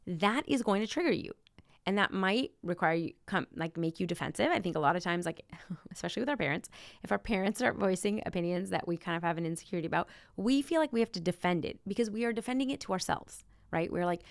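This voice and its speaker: A woman's voice: fairly low pitch, expressive, fast talker, no room sound, studio quality. A young adult woman hosting a podcast, talking through advice in a casual monologue full of "like" and "right?" asides. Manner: conversational, many "like" and "right?" asides. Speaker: podcast host.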